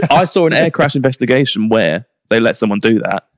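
A young man co-hosting a podcast, making blunt deadpan remarks in casual banter. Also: medium pitch, brisk, no echo, studio quality. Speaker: podcast co-host.

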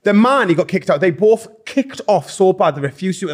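A man's voice: high voice, lively intonation, a little fast. A man telling a candid, rambling story as a podcast guest, restarting his sentences and swearing freely. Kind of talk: casual gossipy storytelling.

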